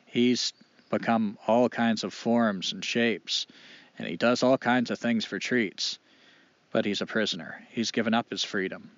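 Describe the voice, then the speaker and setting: Man, oral storytelling, animated, expressive, dull lo-fi, dry. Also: on the low side, no echo. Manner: animated, expressive, dramatic pauses.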